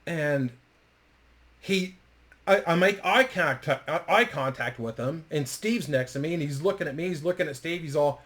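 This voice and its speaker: A man telling a story with casual energy, cursing freely. His voice sits a little high. He acts out the other people's lines as he goes. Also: moderate pace. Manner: animated, swears freely, acts out quotes.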